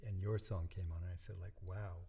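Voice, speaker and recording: An older man with a low, mellow voice, a guest in an interview. He talks in a relaxed, storytelling way and lets his sentences trail off softly. He sounds like he is casually reminiscing. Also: fast talker, vocal fry, breathy edge. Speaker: guest, musician and dentist.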